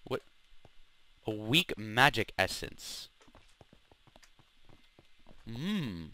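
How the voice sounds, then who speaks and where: A young man narrates his gaming session in casual commentary. His voice is bright and swings up and down a lot. He grumbles, swears freely and mocks the enemies he fights. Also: lowish voice, expressive, measured pace, pauses often. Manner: swears freely, grumbles and trash-talks mobs. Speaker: gaming channel host. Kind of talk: Minecraft let's play commentary.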